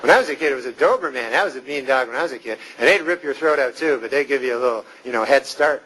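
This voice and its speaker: A young man from Canada doing a stand-up set in a comedy club, with a deadpan, rambling delivery and drawn-out pauses. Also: mid-range voice. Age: 20s. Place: comedy club stage with live audience. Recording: loud crowd laughter and noisy live room.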